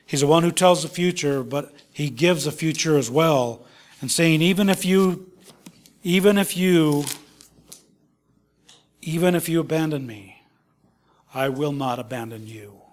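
High-voiced man preaching with passion. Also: a little slow, long pauses. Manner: impassioned preaching, rises and drops to hushed tones. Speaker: pastor. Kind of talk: sermon.

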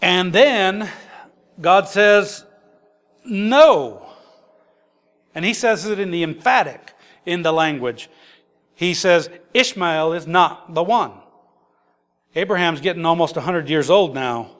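A man's voice: sits high, unhurried, a bit bright. A man preaching a sermon in an emphatic, conversational way. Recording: long echoey hall reverb.

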